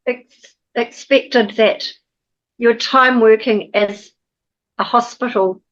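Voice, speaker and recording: A woman hosting an interview, putting her questions in a slow, measured way. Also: fairly high pitch, steady tone, a bit bright, lo-fi sound. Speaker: host.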